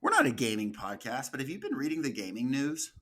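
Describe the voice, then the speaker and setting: A man's voice: medium pitch, wildly swooping pitch, quick pace, pushed and bright. Guy hosting a podcast, jokey, laughs at his own bits, casual talk. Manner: joking, laughs at own jokes. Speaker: podcast host. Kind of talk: casual chat.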